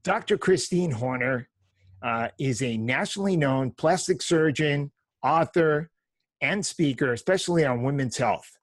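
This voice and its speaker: A man's voice: a little high, animated, a little slow, dry recording. A man in his fifties, a chiropractor hosting an interview podcast, who reads a formal guest introduction with the odd filler. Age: 50s.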